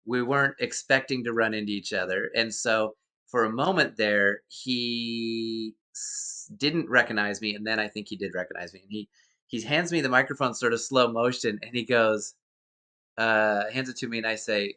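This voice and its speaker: A man's voice: fairly low pitch, normal speed, pushed and bright. A man being interviewed as a guest actor, telling an anecdote in a rambling way with many fillers and restarts. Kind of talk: casual interview storytelling.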